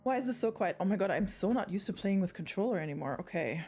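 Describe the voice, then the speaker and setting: A young woman streamer chatting casually and excitedly while she plays a game, swearing freely. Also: medium pitch, fast talker, slightly rough, faint music behind. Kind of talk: casual live-stream chat while gaming.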